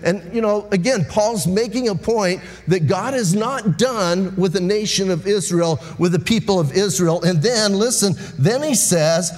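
A man preaching an evening sermon, lively and conversational, talking back and forth with his congregation. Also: sits high, measured pace, few pauses, in a large hall. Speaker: pastor. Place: church sanctuary.

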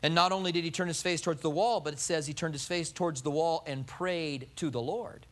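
A man's voice: a little high, brisk. A man preaching a sermon as a pastor, asking the congregation rhetorical questions and acting out what people say. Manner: animated preaching, rhetorical questions and acted-out quotes.

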